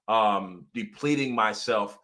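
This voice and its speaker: A man talks straight to his live viewers like a pastor and coach, with a bright, forceful tone. He is animated and laughs often, and he says his key lines twice to drive them home. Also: fairly low pitch, takes it slowly. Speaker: pastor and life coach hosting a weekly livestream. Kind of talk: casual livestream motivational talk.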